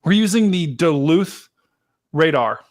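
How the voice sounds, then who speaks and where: Excitable man hosting a storm stream. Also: fairly high pitch, a little slow. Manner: excitable, chatty, talks to chat directly. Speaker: livestream weather host. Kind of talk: live storm-tracking stream commentary.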